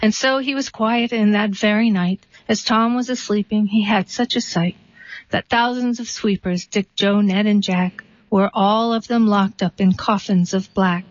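A woman reading a short story and a poem aloud in a steady, unhurried way. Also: mid-range voice, no echo. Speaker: reader. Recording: dull, slightly lo-fi dry recording.

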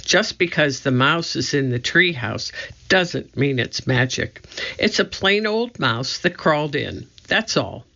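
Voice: medium pitch, animated, a little slow, gravelly, pushed and bright, exaggerated voice. A narrator voicing a cautious, sensible young boy who sounds worried and skeptical, on a dull lo-fi recording.

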